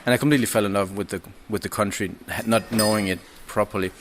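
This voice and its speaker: A man, a podcast guest chatting casually and haltingly, with many restarts and fillers. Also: on the low side, fairly even intonation, a little hiss or hum. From Denmark. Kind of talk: casual chat. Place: indoors, over drinks.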